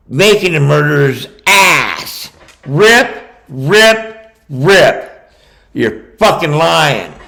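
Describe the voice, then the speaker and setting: A man's voice: on the high side, vocal fry, a bit bright, low-quality recording. A man giving ranting true-crime commentary, combative and profane, talking straight at the person he criticizes. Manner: combative, profane, addresses his target directly.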